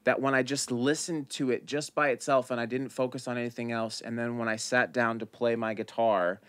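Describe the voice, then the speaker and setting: An American man hosting a podcast, talking in a relaxed, rambling way with lots of "like.". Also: medium pitch, brisk, dry recording. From United States. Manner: relaxed, many fillers like "like". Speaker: podcast host. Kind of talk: casual conversation.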